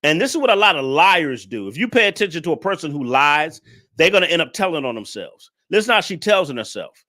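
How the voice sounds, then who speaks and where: Bright-voiced man lecturing his audience. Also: on the high side, big pitch swings, fairly quick. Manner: preachy, lecturing, repeats points; addresses the audience directly. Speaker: commentary host. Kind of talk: reaction commentary on a clip.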